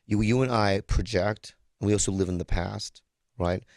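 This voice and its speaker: A man's voice: fairly low pitch, fairly even intonation, normal speed, darkish tone, no room sound, studio quality. A man who is a comedian, guesting on a radio show and telling rambling, self-deprecating stories. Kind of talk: casual radio interview. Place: radio studio.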